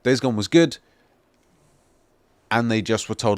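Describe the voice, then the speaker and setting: A man's voice: fairly low pitch, a little slow, smooth, dry recording. A young man co-hosting a gaming podcast, rambling with lots of fillers and emphatic asides in casual chat. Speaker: podcast co-host.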